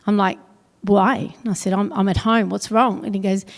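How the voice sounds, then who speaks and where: A middle-aged woman telling a personal story on stage at an awards event, earnest and pausing heavily. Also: mid-range voice, fairly even intonation. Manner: earnest, heavy pauses, quotes others in dialogue. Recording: long hall reverb.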